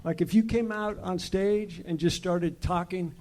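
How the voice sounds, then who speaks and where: Earnest high-voiced man giving advice. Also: steady tone, darkish tone. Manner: earnest, halting restarts. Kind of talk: earnest encouraging talk.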